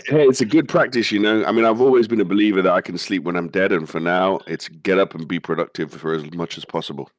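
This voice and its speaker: A man joins a casual chat as a guest, his voice very deep and thick from just waking up. He speaks in a relaxed, easygoing way. The sound is close and dry, with no room around it. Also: quick pace, hardly any pauses, dry recording. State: early-morning, just-woken voice. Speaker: guest representing a project.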